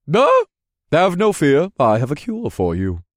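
A man voicing a boisterous, friendly male potion vendor who gushes a showy sales pitch. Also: huge pitch swings, unhurried, no room sound, clean studio sound, exaggerated voice. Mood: eager. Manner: shouting, gushing salesman patter.

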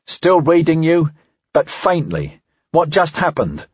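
A man voicing a practical young male deputy who speaks in a calm, gently reminding way in an audiobook. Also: a little high, takes it slowly, slightly rough, dry recording, dull audio, pitched above the performer's own voice, exaggerated voice. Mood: steady.

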